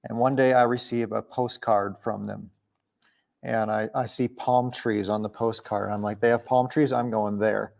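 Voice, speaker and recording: A young man from Minnesota hosting a casual livestream Q&A, chatty and quick to laugh. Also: on the low side, flat delivery, creaky, a little mellow. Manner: chatty, laughs often, restarts sentences. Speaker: livestream host. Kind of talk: casual live Q&A. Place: home, indoors.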